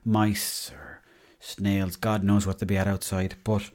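A man's voice: fairly low pitch, little pitch movement, measured pace, darkish tone. An Irish man hosting a podcast, telling comic stories in a chatty way and swearing freely. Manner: chatty, swears freely, tall-tale humour. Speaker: podcast host. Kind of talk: casual comic storytelling.

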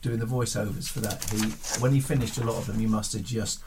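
A woman's voice: rumbling low, fairly even intonation, fast. A woman on a casual comedy chat panel making wry, chatty asides. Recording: distant mic with noise.

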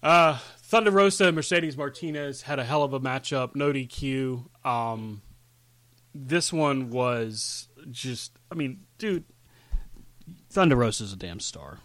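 A man's voice: mid-range voice, a little slow, dry recording. A man co-hosting a casual wrestling chat, joking and enthusiastic as he tells stories. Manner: enthusiastic, joking, animated storyteller. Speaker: podcast co-host.

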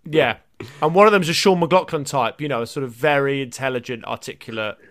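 An English man co-hosting a comedy podcast in casual, jokey chat, often slipping into quick put-on voices. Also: mid-range voice. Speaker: podcast co-host.

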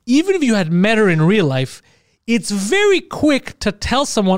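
A man hosting a podcast in casual chat, swearing freely and acting out quoted texts in a lower voice. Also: huge pitch swings, no echo, clean studio sound. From Montreal, Canada. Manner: profane, fast storytelling, acts out quotes in a lower voice. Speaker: podcast host.

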